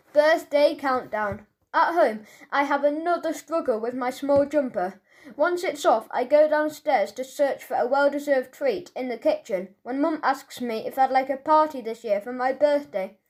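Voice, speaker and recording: A woman's voice: sits high, a little slow. A woman narrating a children's audiobook in a chatty first-person voice, telling the story as a schoolboy.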